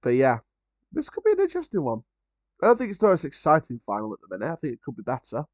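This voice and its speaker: A man's voice: a little high, huge pitch swings, fast, dry recording, muffled recording. A man hosting a live football watchalong, chatting casually about the match and other scores, with frequent ums and restarts.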